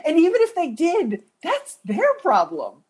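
A woman co-hosting a podcast, telling stories in a lively, self-deprecating way and laughing as she talks. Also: very high-pitched, measured pace. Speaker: podcast co-host. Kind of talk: casual conversational storytelling.

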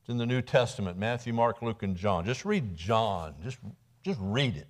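A Midwestern American preacher with a lowish, animated voice speaks at normal speed during a sermon in a church sanctuary. He relates the story conversationally, performs quotes dramatically, and often restarts, repeating his words.

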